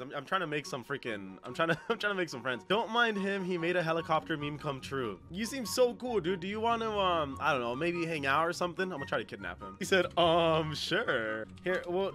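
A young man giving excitable gameplay commentary as a gaming YouTuber, laughing a lot and often calling people "bro". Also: sits high.

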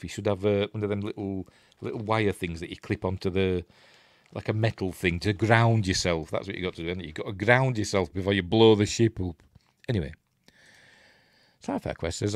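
A man's voice: on the low side, dry recording, studio quality. A man with a Yorkshire accent, hosting a casual live watch-along and chatting in a rambling way while he reads on-screen text aloud. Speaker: host.

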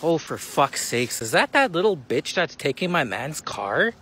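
A woman in a comedy skit, swearing and bickering and shouting. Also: low voice, very animated, moderate pace, slight background noise.

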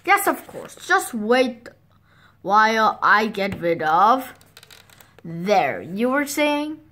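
A woman voicing a nervous, soft-hearted fox in a storybook reading, hesitant and flustered. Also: mid-range voice, big pitch swings, takes it slowly, exaggerated voice.

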